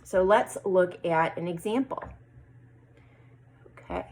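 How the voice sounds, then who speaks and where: A woman teaching a first grade class, reading example sentences slowly and clearly. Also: fairly low pitch, darkish tone, poor audio. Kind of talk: teaching a lesson to young children.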